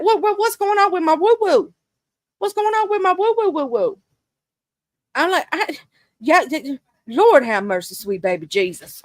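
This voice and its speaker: Chatty high-voiced woman with a twang. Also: dry recording. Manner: animated, chatty, exclaims with sudden high-pitched outbursts. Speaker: livestream host. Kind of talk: casual livestream gossip chat.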